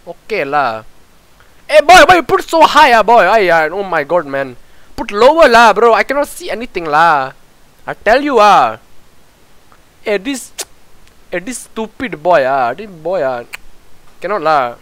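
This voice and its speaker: A man's voice: sits high, very animated, unhurried, pauses often, a bit bright, no room sound, poor audio. A young man plays a nagging exam invigilator in a comic sketch, ending lines with lah and ah. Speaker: comedy sketch creator.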